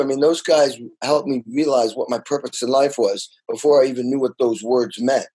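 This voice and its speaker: An older man talks with eager, tumbling energy, circling back and repeating words as he tells his stories. His voice sits at an ordinary middle pitch for a man, and he sounds excited about his life in music. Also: a little fast, poor audio. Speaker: guest drummer. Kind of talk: animated storytelling in casual interview.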